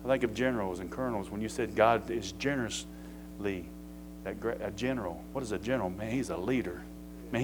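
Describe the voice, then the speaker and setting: A man's voice: mid-range voice, background noise. A man preaching a sermon as pastor, in a folksy, conversational way that builds to emphatic peaks.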